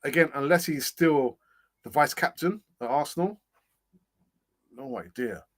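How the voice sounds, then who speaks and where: A man's voice: medium pitch, measured pace, a bit bright. A middle-aged man hosting a casual live stream, chatting and reading out comments, laughing often and thinking aloud with fillers. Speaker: host of a fan channel live stream.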